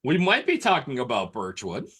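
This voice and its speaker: Male comedy podcast co-host, mid-pitched, animated, hams up the storytelling. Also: normal speed, slightly rough. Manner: playful, dramatic storytelling. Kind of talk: casual comedy podcast banter.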